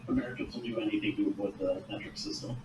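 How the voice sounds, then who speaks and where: A man's voice: fairly low pitch, steady tone, racing. A man playing in a tabletop game, making jokes and wisecracks. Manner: joking, wisecracking. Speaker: player. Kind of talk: casual tabletop game chat. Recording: echoey room, distant mic, background noise.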